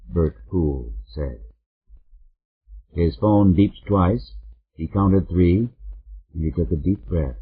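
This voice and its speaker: Low-voiced husky man, steady novel narration, tinny lo-fi sound. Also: normal speed. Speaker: audiobook narrator. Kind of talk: scripted narration. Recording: narrow phone-like audiobook sound.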